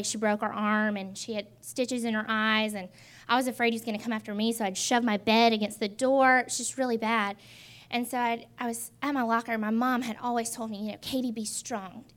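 Earnest young woman sharing her testimony. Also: a little high. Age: 20s. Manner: earnest, halting with many ums. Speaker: testimony speaker. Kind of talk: personal faith testimony.

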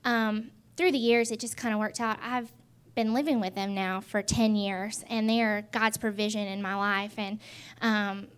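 A woman in her twenties telling her personal faith testimony in an earnest, halting way with many pauses. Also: medium pitch, steady tone, a bit bright, smooth. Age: 20s. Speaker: testimony speaker.

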